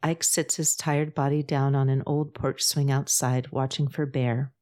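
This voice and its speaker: A woman narrating a novel in a measured, even storytelling voice. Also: extremely low pitch. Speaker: audiobook narrator. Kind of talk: scripted narration.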